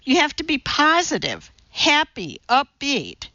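A woman's voice: sits high, huge pitch swings, unhurried, sharp tone, no echo, lo-fi sound, voice pushed up, full character voice. A woman voicing a harried, short-tempered male TV producer in an audiobook, speaking stiffly. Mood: lecturing. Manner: exasperated, stiff.

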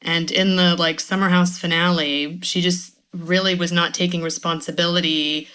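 A woman's voice: on the low side, little pitch movement, moderate pace, pushed and bright, clear, resonant tone. A woman who is a guest writer on a podcast, talking thoughtfully in casual chat and laughing now and then.

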